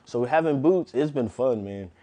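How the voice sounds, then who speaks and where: A man who trains dogs, talking casually in an interview and telling animated stories in which he acts out what other people said. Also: mid-range voice, moderate pace, noisy background. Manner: animated storyteller, acts out quoted voices. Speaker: dog trainer, guest.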